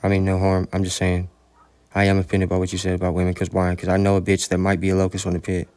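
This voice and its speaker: A man's voice: deep voice, monotone, fast talker, a little mellow, clean tone. A man delivering a rambling, preachy spoken monologue, full of profanity.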